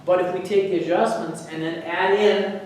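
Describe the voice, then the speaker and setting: A man, a chiropractor, giving an energetic presentation to an audience and quizzing them with questions. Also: high-pitched, normal speed, slight background noise. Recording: echoey room, voice from far off.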